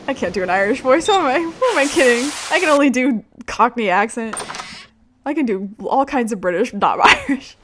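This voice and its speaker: A woman's voice: high-pitched, animated, fairly quick, a bit bright. Chatty giggly woman gaming host. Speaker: let's play host. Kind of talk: casual gameplay commentary.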